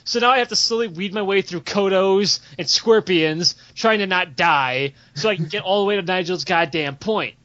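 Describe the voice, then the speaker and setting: Young man, high voice, comic storyteller on a podcast, animated and profane, dull lo-fi audio. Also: normal speed, few pauses. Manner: animated, profane, acts out quotes with big pitch jumps. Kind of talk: casual comedic storytelling.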